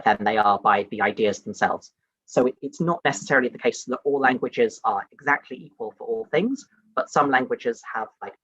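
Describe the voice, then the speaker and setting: A young adult man from the UK gives a relaxed science talk, chatty and full of small fillers. His voice is a little raspy, and it sounds dry and close. The recording is dull and lo-fi. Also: medium pitch, no echo. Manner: chatty and conversational, many fillers like "um" and "like". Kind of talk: casual lecture to an audience.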